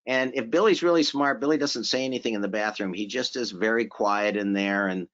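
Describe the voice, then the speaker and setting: A man presenting a seminar in a relaxed, conversational way, repeating phrases for emphasis and asking the audience questions. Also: on the low side, fairly quick. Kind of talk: conversational lecture. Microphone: remote conference audio. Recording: slightly dull audio from a virtual conference.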